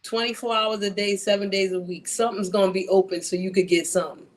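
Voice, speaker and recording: A man's voice: sits high, fairly even intonation, fast. A man from New York with a Brooklyn accent, telling brash, profane stories in a casual panel chat. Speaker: panel guest.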